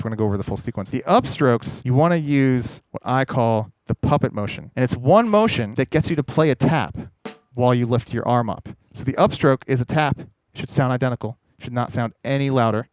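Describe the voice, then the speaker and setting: A man with a smooth, resonant voice explains drum strokes in a relaxed teaching manner. He talks a little, then demonstrates, with faint drum sounds behind him. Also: mid-range voice. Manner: explanatory, demonstrating while talking. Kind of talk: instructional video. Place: recording studio with drum kit. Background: drum playing.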